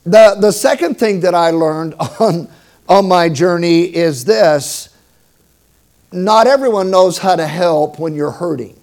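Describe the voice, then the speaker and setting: A middle-aged man preaching a sermon, telling stories with humor and emphatic swings in loudness. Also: high-pitched, slow. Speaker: pastor.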